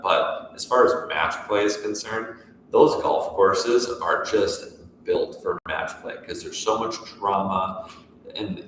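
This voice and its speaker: A man's voice: deep voice, fairly bright tone, slight background noise. A man co-hosting a casual golf talk show, chatting in a rambling way with many restarts. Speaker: golf pro co-host. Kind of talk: casual chat. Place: room at a golf course. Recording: echoey room, mic far off.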